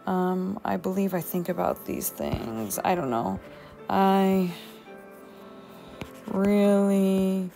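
A woman teacher talks slowly to herself while writing, musing over each phrase. Her voice sits low and mellow with a gravelly edge. Soft music plays faintly behind her. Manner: slow, musing, talks to herself as she writes. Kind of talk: thinking aloud while writing a journal demo.

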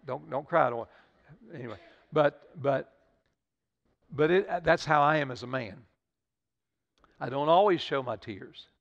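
A man's voice: fairly high pitch, animated, measured pace, gravelly, pauses often. Man, older, pastor preaching, stammering repeats, long church reverb, dull lo-fi audio. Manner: preaching with Southern-style repetition and stammered restarts. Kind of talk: sermon. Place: church sanctuary.

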